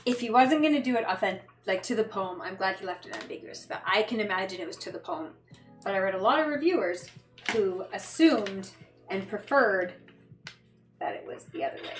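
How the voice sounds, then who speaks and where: A woman chatting casually on a livestream while she works, rambling and swearing when frustrated. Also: mid-range voice. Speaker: fashion designer. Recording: echoey room with background noise.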